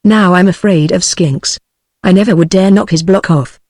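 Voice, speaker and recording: A synthetic female text-to-speech voice reading the lines of a kind young woman who speaks in a soothing, gently teasing way. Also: lowish voice, moderate pace, no room sound, studio quality.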